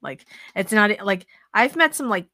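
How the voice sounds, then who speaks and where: A woman's voice: medium pitch, normal speed, no echo. This young woman hosts a laid-back podcast chat in a mid-range voice. She rants freely, swears often and acts out what she told herself. The sound is close and dry. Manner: animated, swears a lot, acts out her own quoted thoughts. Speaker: podcast host.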